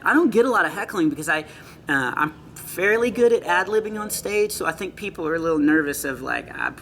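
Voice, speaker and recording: A middle-aged male comedian chatting in an interview, telling earnest stories with quick asides. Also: on the high side, creaky, pushed and bright, a little hiss or hum. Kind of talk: casual interview chat. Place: comedy club after a show.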